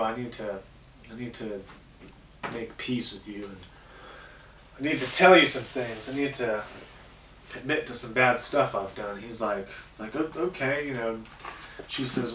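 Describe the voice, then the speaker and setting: A man's voice: medium pitch, a bit bright, recorded from a distance, a little hiss or hum. Crude joke-telling man, echoey room. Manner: crude, casual, swears a lot. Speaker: host.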